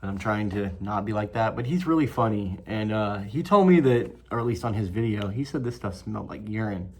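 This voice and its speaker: Speaking in a fairly low, husky voice, a man runs his own snuff review channel, animated and fairly quick as he talks casually to the camera. He swears without restraint, wanders off topic and laughs often.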